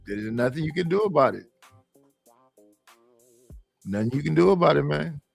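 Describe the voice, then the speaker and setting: Blunt, profane male panelist; raised pitch, rough fry, dry close sound. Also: animated, normal speed, no echo, soft background music. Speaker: podcast panelist. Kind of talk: casual chat.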